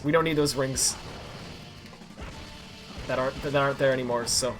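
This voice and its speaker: A man streaming himself playing a game, chatting casually and yelling in frustration when play goes wrong. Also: medium pitch, fast, pauses often. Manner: excitable, yells at the game when things go wrong. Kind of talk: live-streamed gameplay commentary. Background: faint game music.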